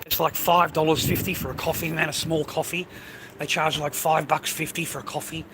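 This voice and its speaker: Older Australian bloke hosting a livestream, high and bright voice, foul-mouthed casual rambling, faint noise behind. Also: male voice, little pitch movement, fairly quick. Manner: swears constantly, calls listener mate and bro. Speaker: livestream host. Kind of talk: casual rambling monologue to viewers.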